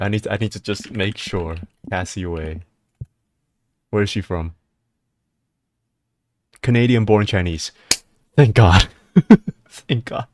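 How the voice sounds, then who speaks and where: Deep-voiced male streamer, casual and rambling. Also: no echo. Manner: excitable, rambling, breaks into laughter and high-pitched disbelief. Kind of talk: casual live-stream chat.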